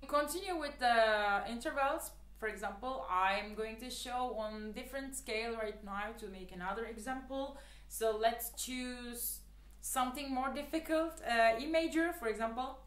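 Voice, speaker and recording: A woman's voice: on the high side, measured pace, a bit bright. Chatty woman teaching in an echoey room. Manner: chatty, with many fillers; earnest, repeats advice. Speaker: clarinet teacher. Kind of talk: casual spoken tutorial.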